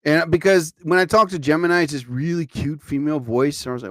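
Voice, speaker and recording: A man with a slightly high voice talks fast with fairly even intonation while hosting a casual live stream. Though sleepy and tired, he rambles on with frequent exclamations. There's no echo on his studio mic.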